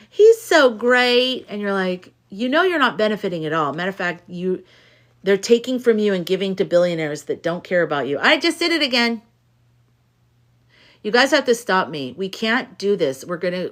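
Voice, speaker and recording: A woman's voice: mid-range voice, fairly bright tone. A woman hosting a casual livestream from a room at home. She talks to her viewers, reads their chat aloud, rambles and swears freely. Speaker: livestream host. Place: home room with hanging lights.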